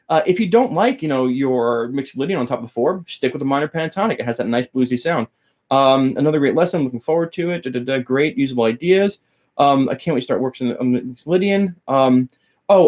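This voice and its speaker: A man's voice: a little high, darkish tone. A man teaching guitar on a casual live stream, rambling, chatting with viewers by name and losing his train of thought. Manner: greets chat viewers by name while teaching.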